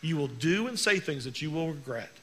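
A male pastor preaching a sermon in an earnest way, slowing down to stress key words. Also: a little high, animated, fairly bright tone.

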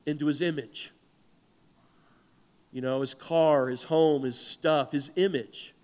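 A man preaching a sermon as pastor, animated and conversational, acting out the voices in the stories he tells. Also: a little high. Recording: long hall reverb.

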